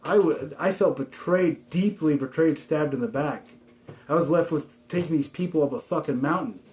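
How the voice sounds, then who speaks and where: A man with a somewhat high voice rambles through a spiritual monologue. His talk is loose, frustrated and packed with swearing. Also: normal speed, darkish tone, slight background noise.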